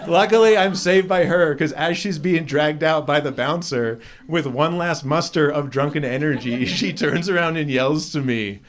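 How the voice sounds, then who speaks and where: Self-deprecating male stand-up, raised pitch. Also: normal speed, few pauses. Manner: self-deprecating, deadpan asides. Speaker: stand-up comedian. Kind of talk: stand-up comedy set. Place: comedy club stage. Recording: live club crowd audible. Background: audience laughing.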